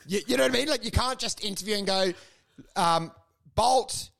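A man's voice: sits high, fast talker, creaky, sharp tone. A young Australian man co-hosting a comedy podcast, rambling and swearing through jokes with frequent laughter. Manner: rambling, laughing, profane riffing. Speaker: podcast co-host. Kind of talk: casual comedic chat.

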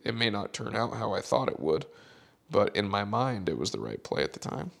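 A man who works as a caddie, telling a story in a podcast chat and acting out the quotes with animated delivery. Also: fairly low pitch, fairly quick, gravelly.

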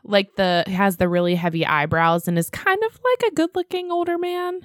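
A young woman co-hosting a casual movie podcast, blunt and quick to laugh. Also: mid-range voice, lively intonation, no room sound, studio quality. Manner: laughs often, frank and blunt. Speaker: podcast co-host.

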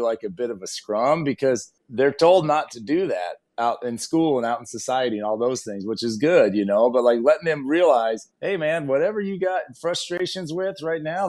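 A middle-aged man, hoarse and raspy from coaching, co-hosting a podcast in a relaxed, chatty way. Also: medium pitch. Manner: relaxed, chatty, drawn-out sentences. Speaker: podcast co-host. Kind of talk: casual chat.

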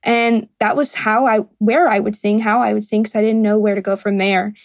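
A woman's voice: mid-range voice, fairly even intonation, brisk, dry recording. A young woman from North Georgia with a Southern accent, a singer guest chatting casually and laughing easily. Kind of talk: casual interview chat.

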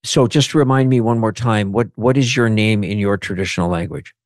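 A man's voice: fairly low pitch, fairly quick, dry recording, clean studio sound. A man hosting an interview, asking polite, courteous, slightly rambling questions. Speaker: interviewer, host.

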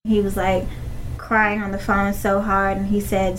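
Young woman, even-toned, casual storytelling. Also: medium pitch, unhurried, a little hiss or hum, rough recording. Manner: casual, heavy use of like, emotional retelling. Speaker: interviewee, victim's partner. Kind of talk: recounting interview.

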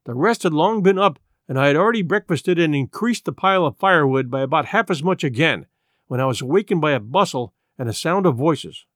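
A man narrating an adventure novel in expressive scripted storytelling. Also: a little high, brisk, no echo, clean studio sound. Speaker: audiobook narrator.

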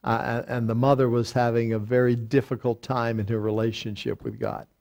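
An older male pastor with a medium-pitched, darkish voice teaches an animated verse-by-verse Bible study. He's deliberate, reading from lexicons and other reference books aloud, and often restarts with fillers.

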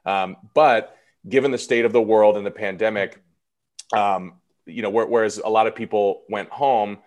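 A man's voice: on the low side, steady tone, moderate pace, darkish tone. A man in his thirties, an actor guest talking casually and a bit self-deprecatingly in an interview. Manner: chatty and self-deprecating, many fillers.

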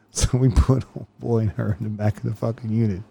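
A man's voice: on the low side, moderate pace, creaky, slightly rough. A man telling police stories in casual chat, swearing constantly and laughing often. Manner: profane, laughing often, animated when quoting. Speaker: law enforcement officer telling stories.

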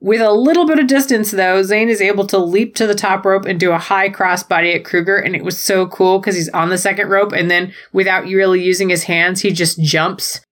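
A woman's voice: medium pitch, fairly even intonation, a little fast, few pauses. A woman co-hosting a podcast, recapping wrestling matches in a playful, jokey way with goofy quoted voices. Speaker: podcast co-host. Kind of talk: casual wrestling recap chat.

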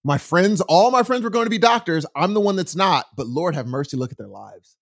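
A man chatting casually, recommending a book in a rambling, animated storytelling way with many restarts. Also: high voice, brisk, creaky. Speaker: guest sharing a book recommendation. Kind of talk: casual chat. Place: from California.

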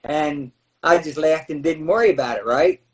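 High-voiced man telling wrestling stories. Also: moderate pace, far from the mic, rough recording. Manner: animated, acts out voices and shouts. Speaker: former pro wrestler. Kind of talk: storytelling in a podcast interview.

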